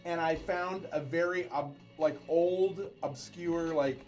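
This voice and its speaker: A man's voice: fairly high pitch, fairly even intonation, slow pace, a little mellow, soft background music. A man co-hosting a casual livestream, rambling in chat and calling races with playful jokes. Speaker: livestream co-host.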